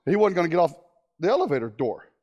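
A man preaching a sermon, telling stories in an animated way with frequent restarts. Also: fairly high pitch, fast, highs cut off.

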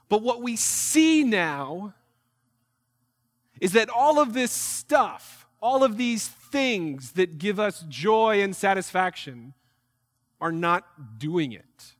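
Young male missionary speaker with a high voice, animated and humorous. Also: long reverb tail. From New York. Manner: animated, jokey storytelling with acted-out asides. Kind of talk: ministry presentation to a church group.

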